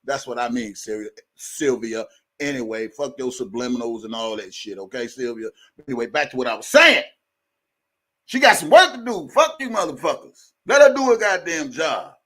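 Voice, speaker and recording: A man's voice: mid-range voice, sing-song, moderate pace, sharp tone. A man hosting a live stream, ranting heatedly to his viewers in a profane, fired-up way. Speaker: livestream host. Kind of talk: live commentary rant.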